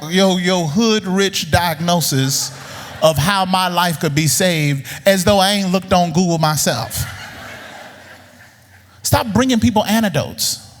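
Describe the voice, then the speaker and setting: Preacher, male, high-voiced and wildly animated, blunt and teasing, long reverb of a big hall. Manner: blunt, teasing, swings from low mutters to high outbursts. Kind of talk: sermon.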